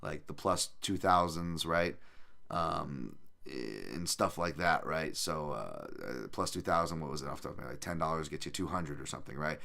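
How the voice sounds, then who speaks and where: Deep-voiced man rambling casually. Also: expressive, normal speed, creaky, pushed and bright. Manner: rambling and loose, with many fillers and restarts. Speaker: podcast host. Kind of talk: casual chat answering live chat questions.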